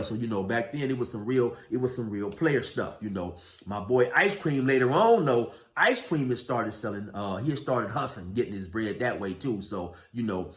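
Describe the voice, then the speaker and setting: A man casually telling a story from his past in a laid-back, drawling way, full of "man" and "you know". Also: medium pitch. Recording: roomy echo.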